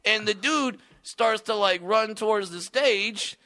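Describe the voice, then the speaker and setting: A male comedian telling a story in casual chat, animated and swearing freely. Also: high voice, slow, no echo.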